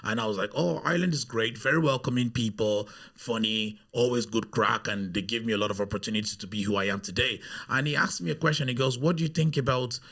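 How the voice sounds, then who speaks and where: Male podcast guest with a gravelly, bright tone; animated storyteller who mimics the people he quotes. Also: lowish voice, fast talker, hardly any pauses. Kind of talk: casual storytelling.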